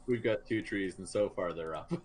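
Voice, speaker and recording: Blunt low-voiced man. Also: moderate pace, a little mellow. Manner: blunt, swearing. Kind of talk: casual chat.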